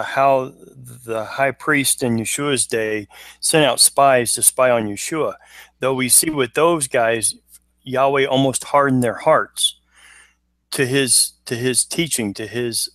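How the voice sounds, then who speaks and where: A man's voice: medium pitch, a bit bright, no room sound. A man co-hosting a casual online Bible study, reading viewer questions and thinking aloud with many fillers.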